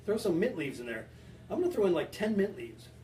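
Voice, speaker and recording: While mixing a drink, a man hosting a home cocktail show rambles and jokes with his viewers in a casual demo. His high voice is very animated, a little fast and darkish in tone. The distant mic in an echoey room picks up a slight hiss or hum.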